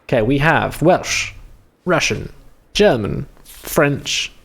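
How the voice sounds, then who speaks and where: A man's voice: medium pitch, lively intonation, slow pace, creaky, fairly bright tone, slightly rough. A man in his twenties streaming himself reading a visual novel aloud, with crude offhand asides. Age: 20s.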